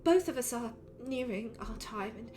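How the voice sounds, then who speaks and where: A woman voicing an aging high elf mother who is doting, fussy and prone to sighing. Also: animated, moderate pace, darkish tone, close to an everyday voice. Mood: fretful. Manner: sighing, fretful, prim politeness.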